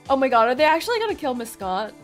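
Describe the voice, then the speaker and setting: A woman streaming a game, reacting excitedly with gasps, yells and jokes. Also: high-pitched, racing, soft background music. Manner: excitable, gasping, yelling, jokey. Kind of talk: casual let's-play commentary.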